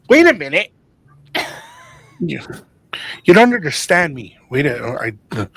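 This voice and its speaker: A man's voice: a little high, very animated, slow, gravelly, long pauses, slightly rough, dry recording. A man co-hosting a casual podcast conversation, joking and acting out both sides of everyday arguments.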